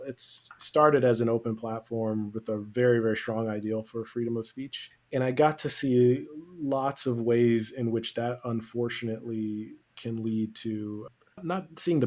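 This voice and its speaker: Male guest from the East Coast, mid pitch, relaxed answers, quick laughs. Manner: easygoing, laughs often, brief answers. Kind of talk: casual interview answers.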